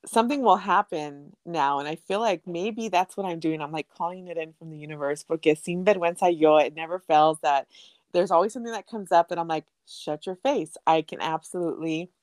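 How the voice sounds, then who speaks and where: A woman's voice: a little fast, no room sound. A young adult woman co-hosting a podcast, telling stories with lots of laughter, swearing freely and mixing in Spanish phrases. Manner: animated storyteller, bursts into laughter and high squeals. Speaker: podcast co-host. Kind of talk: casual chat.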